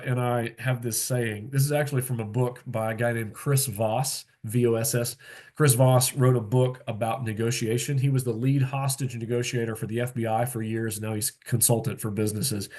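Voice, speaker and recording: Man, pastor mentoring young pastors on a video call; middle-pitched, casual teaching tone, lots of fillers. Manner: relaxed and plain-spoken, with frequent fillers and asides. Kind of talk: conversational teaching talk.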